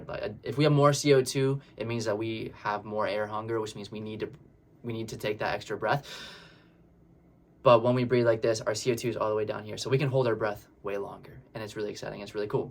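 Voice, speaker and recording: Reassuring man with a lowish voice. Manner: relaxed, reassuring, repeats words often. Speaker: breathwork facilitator. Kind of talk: casual explanatory talk.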